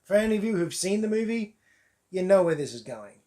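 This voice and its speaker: Aussie guy with a fairly high voice ranting about a movie, sarcastic and over the top, chuckles a lot. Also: big pitch swings, a little fast, darkish tone. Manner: wry, exaggerated, laughs at what he mocks. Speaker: movie reviewer. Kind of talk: casual spoken movie review.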